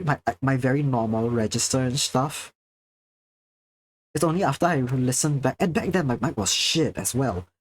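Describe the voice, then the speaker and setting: A young man from Singapore with a Singaporean accent, chatting casually on a livestream with careful, precise enunciation and a projected presenter's delivery. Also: medium pitch. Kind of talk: casual chat while drawing, answering chat.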